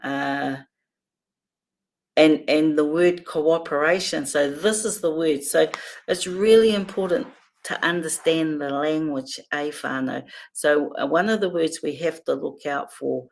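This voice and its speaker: Brief: New woman hosting a livestream, low gravelly voice, chatty. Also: a little slow. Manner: chatty, laughs often between remarks. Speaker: livestream host. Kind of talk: casual livestream chat reading viewer comments.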